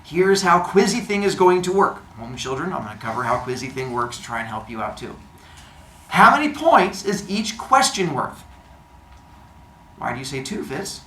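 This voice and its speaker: A man's voice: mid-range voice, a little fast, few pauses, a bit bright. A man teaching a class, giving quiz instructions in a playful, jokey way with silly made-up words. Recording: echoey classroom, faint ambience.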